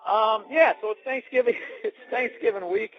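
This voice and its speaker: A man's voice: extremely high pitch, moderate pace, slight background noise. A man hosting his own podcast from inside a parked car, rambling in a profane, sarcastic way. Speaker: podcast host. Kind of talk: casual solo podcast rant. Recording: dull lo-fi recording.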